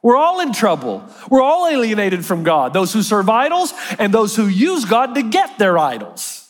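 A man preaching a sermon as a pastor, animated and acting out quoted voices. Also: sits high, normal speed, long reverb tail.

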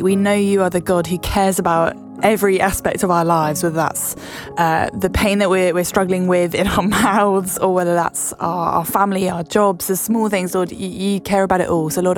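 A female radio host leading prayer on a morning show, halting, with fillers and repeated words. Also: fairly low pitch, steady tone, soft background music.

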